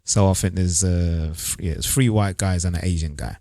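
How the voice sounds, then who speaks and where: Low-voiced podcast co-host. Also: male voice, fairly even intonation, moderate pace, warm tone, dry recording, studio quality. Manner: emphatic, earnest. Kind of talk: casual podcast chat.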